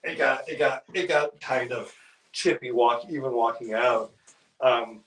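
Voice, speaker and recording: A man in an easygoing chat, spinning a story at an ordinary pitch for his sex. He stumbles through restarts and fillers as he goes, and slips into the voices of the people he describes. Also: unhurried, a bit bright, low-quality recording. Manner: rambling, full of restarts and fillers.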